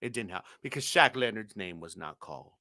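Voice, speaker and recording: A man's voice: on the low side, lively intonation, fairly quick, pushed and bright, no echo, studio quality. A man co-hosting a casual sports podcast, teasing rival fans and laughing often. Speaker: podcast co-host.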